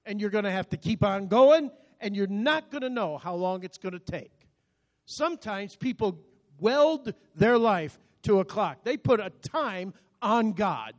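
A man in his sixties delivers a sermon in a notably high voice. He preaches emphatically, swinging between loud and hushed. He often repeats a word as he starts a phrase. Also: animated, unhurried. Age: 60s. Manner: emphatic, dynamic preaching with sudden swings in loudness. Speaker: pastor.

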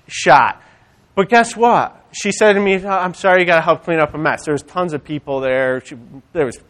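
A man preaching a sermon, animated and conversational, swinging from loud rallying calls to quiet storytelling. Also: a little high. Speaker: church speaker.

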